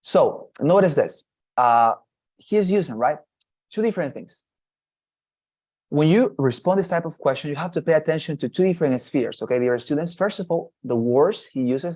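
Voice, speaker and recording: In an online test-prep class, a man explains material by repeating points and checking in with "okay?" and "right?" as he goes. His voice is a little high and a little mellow.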